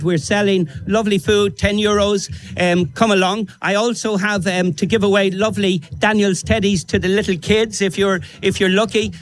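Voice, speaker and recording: A man's voice: sits high, poor audio. A man from Ireland, a restaurant owner, enthusiastically promoting his venue in a live radio interview with a powerful voice.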